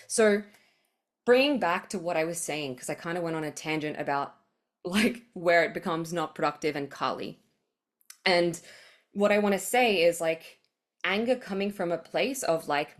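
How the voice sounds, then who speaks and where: A woman hosting a podcast, giving a rambling spiritual monologue, full of fillers and blunt swearing. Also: on the low side. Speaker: podcast host.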